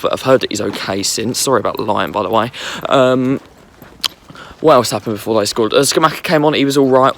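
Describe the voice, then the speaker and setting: Young male football vlogger, hoarse, quick and rambling, phone mic on a night street. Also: mid-range voice. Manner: rambling, filler-heavy fan chat. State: losing his voice. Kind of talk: casual match recap. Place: walking on a street at night outdoors.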